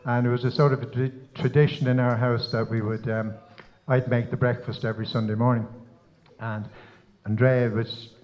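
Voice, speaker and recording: A middle-aged Irish man, the father of the bride, giving a teasing, joke-filled wedding speech at a reception. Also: medium pitch. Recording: slightly dull lo-fi sound.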